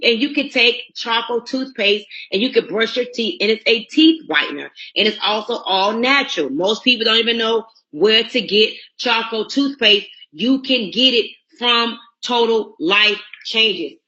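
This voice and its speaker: A woman giving a blunt, preachy motivational sales pitch on a conference call. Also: moderate pace, hardly any pauses, bright, forceful tone, highs cut off. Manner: blunt, preachy, talks straight to listeners. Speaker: network marketing recruiter.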